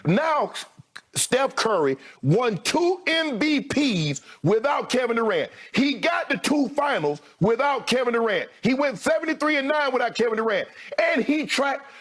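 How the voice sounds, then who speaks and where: High, husky man arguing hard. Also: very animated, unhurried, a bit bright. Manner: emphatic, interrupts, repeats name to cut in. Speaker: sports debate co-host. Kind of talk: heated sports debate.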